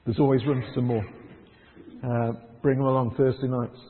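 A man preaching a conversational sermon in church, lively and chuckling, dropping to soft prayerful tones. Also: mid-range voice, normal speed, long reverb tail, phone-quality sound, a little hiss or hum.

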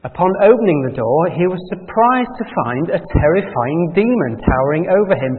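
A man reading a parable aloud in a measured storytelling way, then asking quiet reflective questions. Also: a little high, sing-song. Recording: tinny phone-like sound in a reverberant hall.

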